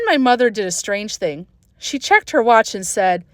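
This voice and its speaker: Expressive woman reading a children's book. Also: mid-range voice, normal speed, no echo, studio quality. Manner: expressive storytelling. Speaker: reader. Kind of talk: children's book read-aloud. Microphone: phone.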